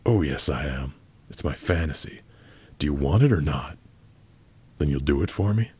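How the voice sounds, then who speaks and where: Brief: man, extremely low and raspy voice, blunt, crude prank-chat delivery. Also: animated, normal speed, long pauses, a little mellow. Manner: blunt, crude and abrasive, with sudden outbursts. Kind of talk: crude prank role-play reading a chat aloud.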